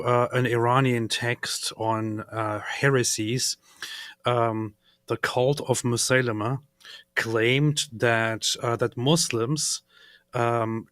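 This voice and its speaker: A man speaking as a guest in a relaxed, halting way, pausing with fillers as he explains. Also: medium pitch, no room sound. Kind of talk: casual discussion.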